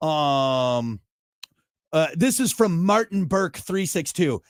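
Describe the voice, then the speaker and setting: A man hosting a podcast in casual chat, ranting with animated, mock-outraged energy. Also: on the high side, slow, dry recording, clean studio sound. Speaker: podcast host.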